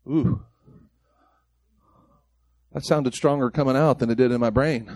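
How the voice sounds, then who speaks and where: A man's voice: mid-range voice, steady tone, unhurried, long pauses, darkish tone, no room sound. A man preaching a sermon to his church congregation, emphatic and impassioned, firing off rhetorical questions. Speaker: pastor. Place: church service before a congregation.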